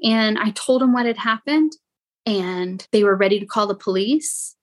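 A young adult woman, a podcast guest, telling her own painful story in a halting way, with many "like" fillers. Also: mid-range voice. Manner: halting, frequent "like" fillers, quotes others in raised voice. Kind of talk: emotional personal storytelling.

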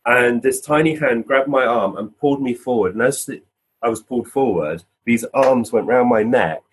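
A man, a physical medium and podcast guest, telling a personal story in a casual, animated way. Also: medium pitch, normal speed, slightly rough, rough recording. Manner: animated storyteller acting out quoted voices.

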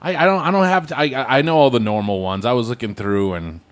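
A man co-hosting a podcast in casual chat, halting over his words and singing old jingles playfully. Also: medium pitch. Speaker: podcast co-host.

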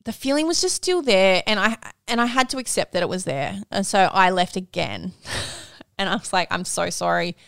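Aussie woman in her 30s, podcast co-host, candid, swears a bit, smooth voice. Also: mid-range voice, animated, moderate pace, a bit bright, no echo, studio quality. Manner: candid storytelling, swears freely, laughs through tears. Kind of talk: casual chat, personal story.

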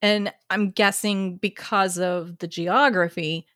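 A woman's voice: mid-range voice, fairly even intonation, slow pace, fairly bright tone, no room sound, studio quality. A woman co-hosting a podcast in casual chat, laughing often as she retells stories. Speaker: podcast co-host.

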